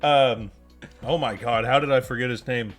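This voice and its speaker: A man's voice: medium pitch, normal speed, soft background music. A man co-hosting a casual gaming podcast, joking and blunt, swearing casually as he talks. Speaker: podcast co-host. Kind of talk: casual chat.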